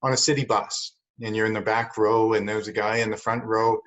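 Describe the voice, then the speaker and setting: A man's voice: fairly low pitch, level tone, brisk, a bit bright. A man co-hosting a podcast who tells a story in an earnest, reflective way and often repeats words. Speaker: podcast co-host. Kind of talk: casual chat and storytelling. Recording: dull lo-fi sound.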